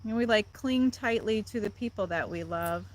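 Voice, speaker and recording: A woman's voice: medium pitch, normal speed. Chatty Midwestern woman streaming live. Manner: chatty, answers viewer comments, laughs often. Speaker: livestream host. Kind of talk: casual live chat with viewers.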